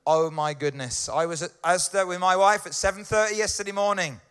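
A man preaching a friendly, chatty sermon in a fairly high voice, pausing to check in with his listeners. His tone is bright and forward. He sounds middle-aged. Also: steady tone, clear, resonant tone. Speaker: pastor. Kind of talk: conversational sermon.

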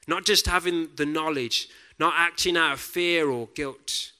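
Slow, bright-voiced preaching man. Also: on the high side, clean tone. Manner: slow, deliberate, dropping to a soft hush on key words. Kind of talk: sermon.

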